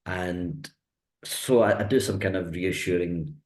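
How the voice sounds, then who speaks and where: Man, stuttering, very low pitch, reflective interview host. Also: measured pace, low-quality recording. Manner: stutters with repetitions and blocks, reflective and soft-spoken. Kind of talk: conversational interview.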